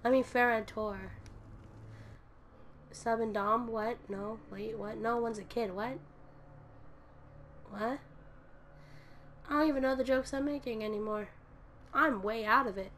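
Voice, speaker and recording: A woman with a hoarse voice from a cold, rambling and self-deprecating while she plays and comments on a fighting game. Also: on the high side, a little slow, long pauses, fairly bright tone, a little hiss or hum. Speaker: gaming YouTuber. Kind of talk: casual commentary while playing.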